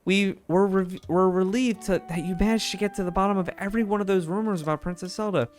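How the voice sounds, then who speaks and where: A man's voice: high-pitched, fairly even intonation, quick pace, soft background music, pitched above the performer's own voice, natural voice. A man reading a proud newspaper editor in a game, in a raised voice.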